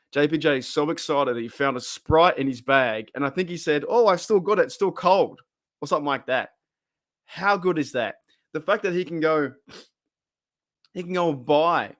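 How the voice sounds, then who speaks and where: Excitable Australian man, rambling fan chat. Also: on the high side, dry recording, studio quality. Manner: excitable, rambling, frequent restarts and swearing. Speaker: fan podcast host. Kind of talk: live stream fan chat.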